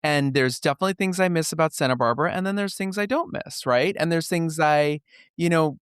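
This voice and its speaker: A man hosting an interview show, chatting casually and telling stories with lively, animated delivery. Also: fairly high pitch, a little fast, clean tone, no echo, clean studio sound. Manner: lively storyteller, acts out voices. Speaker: podcast host.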